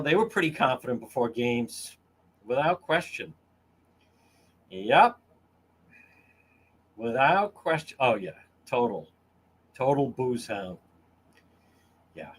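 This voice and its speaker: A man's voice: mid-range voice, very animated, unhurried, pauses often, fairly bright tone, slightly rough. A man hosting a casual livestream, crude and mocking as he reads comments from chat. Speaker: livestream host.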